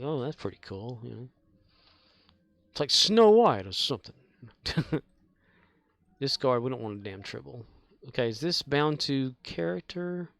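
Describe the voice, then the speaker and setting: A man streaming a game, chatting casually in a meandering, folksy way with many fillers and restarts and some mild swearing. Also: medium pitch. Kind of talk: casual rambling chat while gaming.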